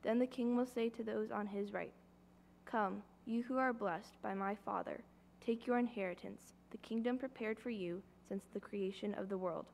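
Woman reading scripture in a flat, gravelly voice. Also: medium pitch, normal speed, a little hiss or hum. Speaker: scripture reader. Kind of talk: reading scripture aloud in church.

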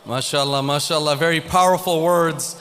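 A man's voice: a little high, steady tone, moderate pace, fairly bright tone, slight background noise. A man hosting a conference, formally introducing speakers from the stage. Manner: formal, welcoming. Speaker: conference emcee. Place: large conference hall. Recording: echoey hall with faint music.

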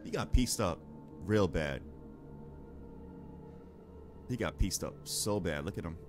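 Deep-voiced trash-talking gamer man. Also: expressive, takes it slowly, over music. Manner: trash-talking, slangy, reacts loudly to the game. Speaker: gaming channel host. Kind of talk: casual let's-play commentary.

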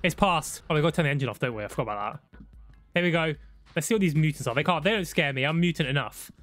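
A young man giving excitable, laddish commentary on a road trip game with friends. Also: on the high side, rapid-fire, no echo, soft background music. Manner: excitable, shouts when startled, laddish banter. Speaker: gaming YouTuber. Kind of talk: casual gameplay commentary.

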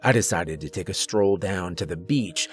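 A man reading a horror story aloud as scripted narration, in a measured storytelling manner. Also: low-pitched, soft background music.

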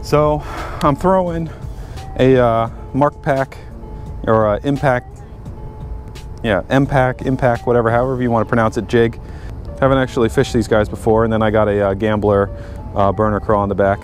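A man's voice: mid-range voice, steady tone, a little fast, faint music behind. Chatty man vlogging while fishing. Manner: chatty, talks to viewers while fishing, easily frustrated. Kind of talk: casual vlog narration. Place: outdoors by a lake.

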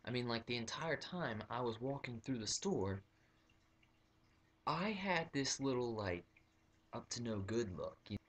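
A man's voice: medium pitch, sing-song, unhurried, pauses often. A young man telling a comic story on his vlog, rambling with lots of fillers and restarts. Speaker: vlogger.

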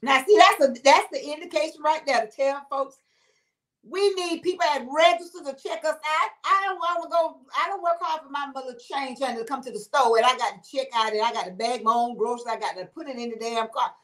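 A woman, chatting casually on a livestream and reading viewers' comments aloud. She talks in an animated way, laughs often and breaks into exclamations. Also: high-pitched, brisk.

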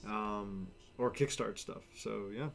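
A man's voice: on the low side, takes it slowly, creaky, a little hiss or hum. A man chatting casually and rambling as he draws, with lots of fillers. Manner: rambling, filler-heavy, laid-back. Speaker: artist sketching on stream. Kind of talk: casual chat while drawing.

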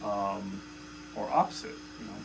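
A man's voice: lowish voice, expressive, unhurried, creaky, background noise. A man teaching a casual drum lesson, counting beats and chanting stroke names aloud in a loose, chatty way. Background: loud drumming.

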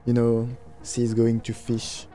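A young man with a French accent, a native French speaker, chatting casually in English while streaming a game, halting and searching for words with many fillers. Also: mid-range voice, completely flat delivery, warm tone, faint music behind. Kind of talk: casual gameplay chat.

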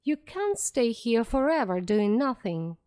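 A woman's voice: fairly high pitch, big pitch swings, unhurried, darkish tone, smooth. A woman reading the lines of a stern, cold young clergyman in a storybook, firm and commanding. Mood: cold, insistent.

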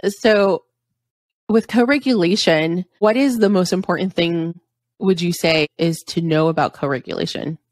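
Blunt, lower-voiced woman podcast host. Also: moderate pace, slight background noise. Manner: blunt and enthusiastic, swears, laughs often. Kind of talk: casual podcast interview.

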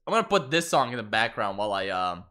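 A man's voice: lowish voice, very animated, quick pace, sharp tone, smooth. A man streaming a game in casual, profane commentary, laughing and getting sidetracked. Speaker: gaming streamer.

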